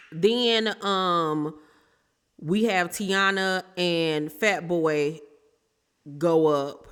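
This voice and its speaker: A woman's voice: fairly low pitch, fairly bright tone, long reverb tail. A woman giving blunt, sassy commentary as she recaps a reality TV episode for her channel. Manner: sassy, blunt, throws shade. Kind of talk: casual opinionated commentary.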